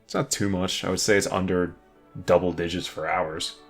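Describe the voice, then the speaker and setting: A man's voice: low-pitched, fairly even intonation, moderate pace, husky, faint music behind. A man co-hosting a casual gaming podcast, rambling and laughing, swearing freely. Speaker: podcast co-host.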